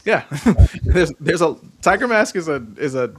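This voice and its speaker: A man with a somewhat high voice co-hosts a casual wrestling podcast. He tells long, animated stories, laughs often and drops in bits of song. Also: a little slow, slight background noise. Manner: animated storyteller, laughs often, sings snatches of songs. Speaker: podcast co-host.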